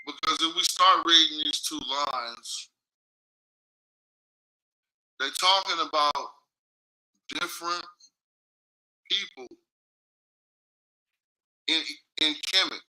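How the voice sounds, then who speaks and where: A man's voice: fairly high pitch, slow pace, pauses often, bright, forceful tone, low-quality recording. A man streaming in casual talk, reading from his screen and explaining loosely while checking in with viewers. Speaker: streamer in a played clip.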